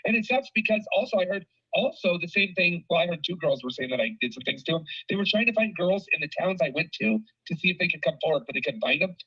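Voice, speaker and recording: A man in casual conversation, animated and swearing casually, often saying bro. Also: high voice, quick pace, few pauses, slightly rough, dull audio. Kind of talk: casual phone chat.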